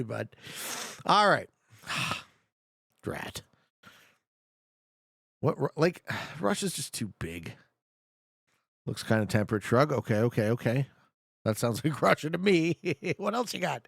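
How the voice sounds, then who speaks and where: Young male streamer, jokey running commentary, expressive pitch, close and dry. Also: a little slow, gravelly, pauses often, dry recording. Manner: joking, talks back to his chat. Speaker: streamer playing a geography guessing game. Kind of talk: casual live gameplay commentary.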